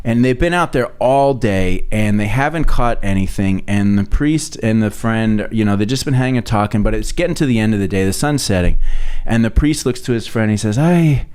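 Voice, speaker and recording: A man hosting a podcast, telling a long joke in a relaxed way with many fillers. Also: fairly low pitch, a little fast, hardly any pauses, clean tone. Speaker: podcast host.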